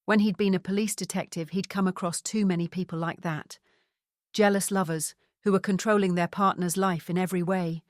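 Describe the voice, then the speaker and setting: A woman narrating a mystery novel in an even, measured voice. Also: on the low side, no room sound, studio quality. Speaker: audiobook narrator. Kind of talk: scripted narration.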